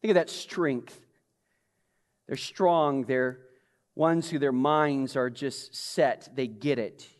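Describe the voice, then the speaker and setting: A man preaching a sermon with passion, now and then dropping to a hushed intensity. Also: mid-range voice, takes it slowly. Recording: long reverb of a large hall.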